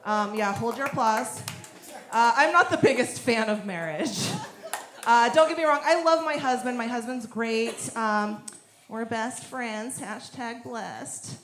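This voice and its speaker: A woman in her thirties doing a stand-up comedy set on a club stage, with a deadpan, bawdy delivery. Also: a little high, a little slow. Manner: deadpan, bawdy punchlines, laughs at own jokes. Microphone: handheld stage mic. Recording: echoey club with crowd noise. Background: audience laughter.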